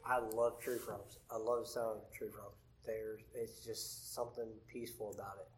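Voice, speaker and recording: A man co-hosting a podcast, chiming in with quiet, soft interjections. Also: on the low side, level tone, normal speed, low-quality recording.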